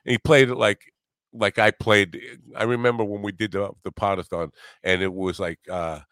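A man's voice: lowish voice, level tone, moderate pace, a bit bright, clear, resonant tone, dry recording, clean studio sound. A man hosting a podcast in casual chat, rambling, laughing often and swearing now and then. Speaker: podcast host.

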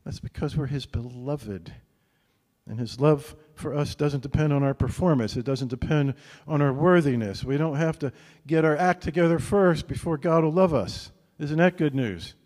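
A male pastor preaching a sermon in a relaxed, conversational way, often checking in with his listeners with a quick "right?". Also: a little high, big-room sound.

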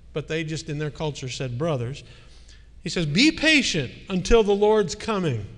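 A man's voice: sits high, a bit bright, long reverb tail. A man preaching a sermon as a pastor, in a conversational way, putting questions to the congregation.

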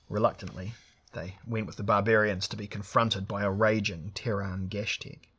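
A man's voice: fairly low pitch, fairly even intonation, moderate pace, vocal fry, a bit bright, slightly rough. A man narrating a fantasy story, lifting his voice for the characters' lines. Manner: reads dialogue with raised voices for characters. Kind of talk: audiobook narration.

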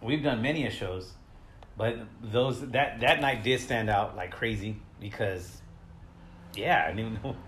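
A comedian guest in casual podcast chat, chiming in to back up a friend's story. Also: male voice, on the low side, measured pace, a bit bright, echoey room, a little hiss or hum. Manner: backs up the story with short agreeing remarks.

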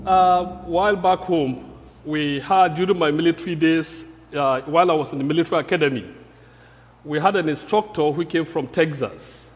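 Earnest preacher from Africa, high voice, sermon in a reverberant church. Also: male voice, moderate pace. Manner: earnest, emphatic, repeating key phrases.

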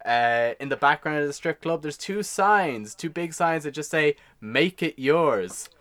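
Podcast co-host, man, bright clear voice, reads through notes, laughs a lot. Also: fairly high pitch, moderate pace. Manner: laughs often, goes through his notes one by one. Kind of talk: casual chat reading out film notes.

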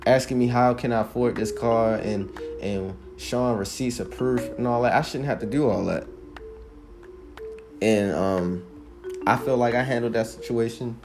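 Brief: man, 21, solo podcaster, mid-pitched, heated and emphatic telling, swears freely, faint music under. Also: a little mellow. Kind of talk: casual monologue.

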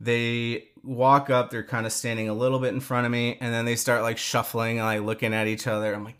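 A man co-hosting a podcast, telling a story in casual chat, animated and quick to swear, with many restarts. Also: mid-range voice. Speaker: podcast co-host.

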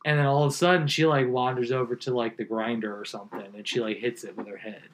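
A man's voice: mid-range voice, flat delivery, quick pace. A man in his thirties, a podcast co-host in casual chat, rambling through stories with lots of fillers and swearing.

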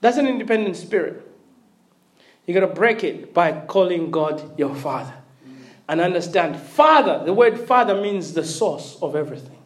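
A middle-aged preacher delivering an animated sermon, repeating words and calling for response from the congregation. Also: medium pitch, normal speed. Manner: animated, swings from loud emphatic to quiet intimate. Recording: roomy echo.

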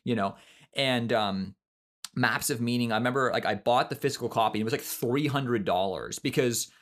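A man's voice: mid-range voice, moderate pace, a bit bright. Rambling, swearing male podcast co-host. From Canada. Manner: rambling, filler-heavy storytelling with swearing. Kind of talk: casual chat.

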